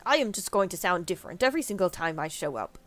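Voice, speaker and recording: A woman's voice: lowish voice, very animated, fast, a bit bright. A woman streaming a game, talking in a rambling, joking way with casual swearing. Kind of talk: casual gaming commentary.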